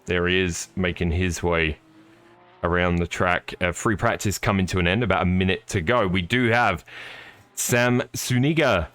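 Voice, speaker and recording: A man's voice: deep voice, steady tone, moderate pace, a bit bright. A man commentating live on a sim race, chatty and upbeat, greeting viewers by name.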